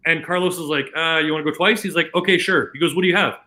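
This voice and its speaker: Bright-voiced man telling a poker story. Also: on the high side, fast talker, poor audio. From Canada. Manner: animated anecdote telling with many restarts and quoted dialogue. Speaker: casino dealer, podcast guest. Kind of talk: casual storytelling chat.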